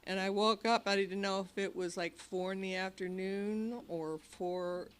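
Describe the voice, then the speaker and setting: There's a little hiss or hum as a woman with a medium pitch and steady tone speaks unhurriedly. Sharing her recovery story with a meeting-hall audience, she animatedly plays out her old cries and what others said.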